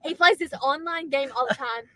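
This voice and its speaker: A woman co-hosting a casual livestream from a car, animated and loud when she gets passionate. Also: sits high, a little fast, low-quality recording. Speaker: livestream co-host. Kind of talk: casual chat.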